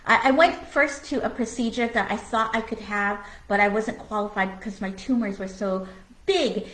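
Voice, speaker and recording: A woman's voice: medium pitch, moderate pace, fairly bright tone. Candid woman talking in an echoey room. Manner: candid and earnest, with many fillers like "you know" and "like"; blunt, with occasional swearing. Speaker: co-host of a spiritual conversation show. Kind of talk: casual spiritual conversation.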